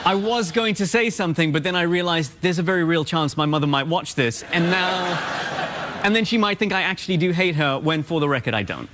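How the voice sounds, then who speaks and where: A man's voice: a little high, lively intonation, brisk, very noisy. A young man from South Africa with a London-tinged accent, a talk show guest with a polite, dry, self-deprecating manner. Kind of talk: late-night talk show banter.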